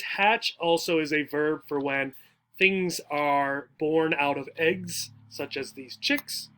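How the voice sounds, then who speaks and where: A man's voice: on the high side, a bit bright. A man teaching a lesson to English learners, patient and explanatory, who keeps checking in with "right?" as he walks through each joke. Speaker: adult education teacher.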